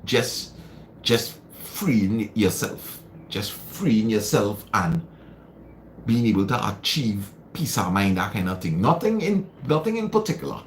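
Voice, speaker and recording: A man's voice: on the low side, very animated, slow pace, slight background noise. A man hosting a live stream, giving casual motivational advice, repeating phrases for emphasis and answering viewer comments. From Trinidad and Tobago.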